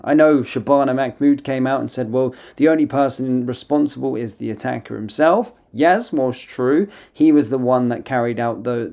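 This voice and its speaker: A man's voice: mid-range voice, darkish tone. A man giving opinion commentary to his viewers, insistent and repetitive in his phrasing. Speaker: political commentator.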